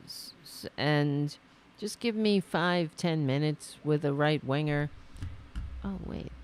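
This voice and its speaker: A woman with a low voice speaks slowly over a slight hiss or hum, hosting a political commentary show. She rambles in a sarcastic, mocking tone and keeps restarting her sentences, heard through a computer mic on a call setup.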